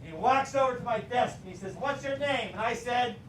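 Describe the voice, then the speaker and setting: High-voiced animated male storyteller. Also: a little fast, slight background noise. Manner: animated, acts out voices and shouts. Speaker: teacher trainer telling a story. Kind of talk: storytelling talk to a live audience. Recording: echoey room, mic from far off.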